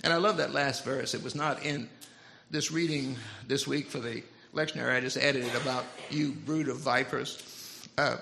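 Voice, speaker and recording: A man's voice: mid-range voice, normal speed, vocal fry, noisy background. An older man preaching a folksy sermon in a church, telling stories with humor. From Louisiana Cajun. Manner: folksy, animated storytelling with humor. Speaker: pastor. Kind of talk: storytelling sermon. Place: church sanctuary.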